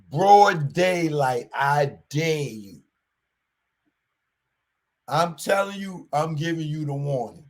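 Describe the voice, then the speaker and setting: A man hosting a show, giving a casual commentary monologue in animated street talk and repeating his warnings. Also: sits high. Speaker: show host.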